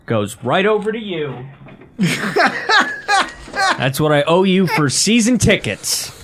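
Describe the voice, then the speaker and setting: A man's voice: on the high side, very animated, slow pace, very noisy. A man co-hosting a casual sports podcast, joking and swearing through banter about bets. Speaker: podcast co-host.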